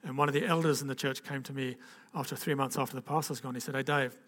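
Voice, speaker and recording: An older man, telling his life story as a chatty, animated testimony. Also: mid-range voice, fast. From Africa. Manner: animated, chatty storytelling with lively quoted voices. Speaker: speaker giving testimony.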